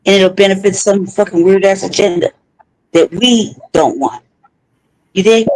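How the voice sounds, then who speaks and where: A man's voice: high-pitched, measured pace, a little mellow, rough recording. A man co-hosting a podcast, talking in a heated, profane, rambling way with frequent restarts. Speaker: podcast co-host. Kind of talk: heated casual talk.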